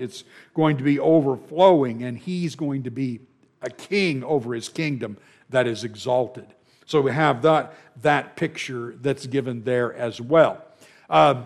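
Gravelly-voiced man teaching a Bible class. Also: mid-range voice. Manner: checks in with the class, repeats words when restarting.

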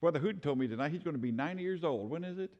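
A man leads a church Bible study with a fairly high and very animated voice. He tells stories, laughs often and keeps the class engaged, while a long reverb lingers behind him. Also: racing, dull audio.

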